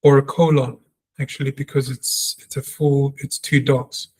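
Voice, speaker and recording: A man's voice: mid-range voice, level tone, moderate pace, a little mellow, breathy edge. A man teaching a language lesson, reading example sentences aloud and explaining them step by step, repeating sounds for practice. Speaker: Hebrew teacher.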